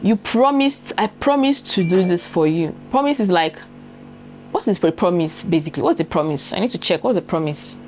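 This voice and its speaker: A young Nigerian-accented woman with a fairly low voice shares life advice in a relaxed monologue. She leans on repetition to press her points home and keeps asking the audience if they follow. A faint hum of room noise sits under her voice. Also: normal speed. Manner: emphatic, repeats key phrases, checks in with the audience. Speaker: vlogger. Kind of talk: casual advice monologue to camera.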